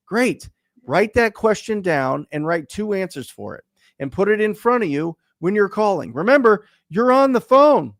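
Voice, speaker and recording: A man's voice: sits high, big pitch swings, moderate pace, no echo, studio quality. A man hosting a casual business talk, speaking emphatically and repeating phrases for stress. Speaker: podcast host.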